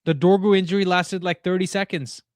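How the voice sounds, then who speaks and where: A young man hosting a live football watchalong, talking excitably to chat in slangy casual speech. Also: sits high, brisk, dry recording, studio quality. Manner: excitable, slangy, frequent "bro" and "dude". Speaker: watchalong host.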